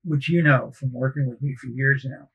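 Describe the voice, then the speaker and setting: A man in casual conversation, recounting his sales career in a measured, logical way and acting out past exchanges with customers. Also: mid-range voice, fairly even intonation, slightly rough, phone-quality sound.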